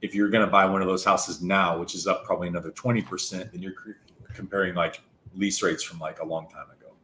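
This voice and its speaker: A man in a casual online chat with a dry, teasing manner. His voice is very deep and he talks quickly. Faint noise sits under the recording. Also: fairly even intonation, pushed and bright.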